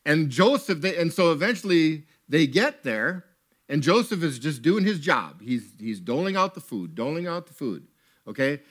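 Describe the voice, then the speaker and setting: A man preaching a sermon in a tent to a gathered audience, retelling a Bible story with animated asides and acted-out lines. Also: fairly high pitch, normal speed. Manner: animated storytelling, acts out characters.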